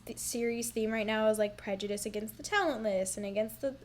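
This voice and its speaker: A woman's voice: a little high, a little fast, a little hiss or hum. Laid-back young woman, slangy podcast co-host. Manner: laid-back, slangy, says "dude" and "like" a lot. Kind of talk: casual book-discussion chat.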